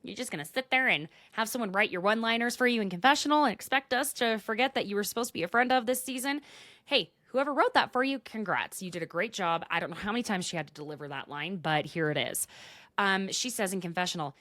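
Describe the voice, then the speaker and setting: A woman's voice: mid-range voice, quick pace, fairly bright tone, no echo, studio quality. A young adult woman hosting a podcast, recapping in a casual, dramatic way and dropping into whispered asides. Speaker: podcast host.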